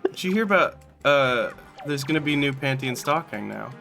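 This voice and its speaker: A man's voice: mid-range voice, lively intonation, normal speed, vocal fry, a bit bright, faint music behind. A man chatting casually on a game stream, rambling and joking about a TV show. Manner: rambling, jokey, tries bad British impressions.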